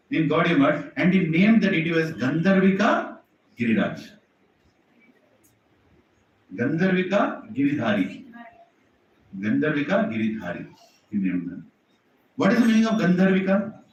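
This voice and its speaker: A man telling a devotional story to a temple audience, animated and often asking the audience questions. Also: a little high, slight background noise. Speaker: preacher. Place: temple hall. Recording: echoey hall, distant mic, dull sound.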